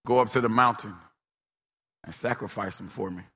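A man preaching a sermon with dramatic storytelling, swinging from shouts to whispers. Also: lowish voice, normal speed, slightly rough, big-room sound.

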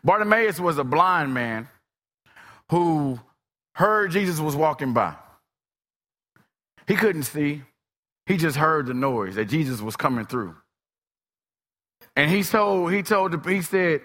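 Animated preacher man, bright voice. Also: fairly high pitch, normal speed, pauses often, in a large hall. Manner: dramatic storytelling, shifts from shouting to whispering. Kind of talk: sermon.

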